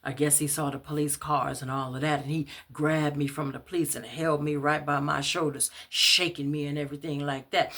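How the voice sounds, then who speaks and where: A woman reading aloud from her own book, telling a first-person story in a conversational, unhurried way, sometimes dropping low and pausing to find her place. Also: flat delivery, fairly bright tone. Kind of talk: first-person storytelling in Southern Black vernacular.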